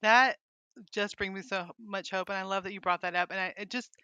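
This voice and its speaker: A woman with a bright, crisp voice chimes in eagerly, often speeding up as she talks. The sound is dry and a little dull, as if recorded close on a modest mic. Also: mid-range voice, fairly even intonation, dry recording. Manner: eager, quick bursts, frequent laughs. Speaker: podcast co-host. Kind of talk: casual devotional chat.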